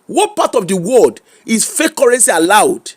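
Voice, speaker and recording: Animated Nigerian man ranting. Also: sits high, moderate pace, breathy edge. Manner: animated Pidgin rant, mocking, laughing. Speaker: streamer. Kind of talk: ranting live-stream monologue.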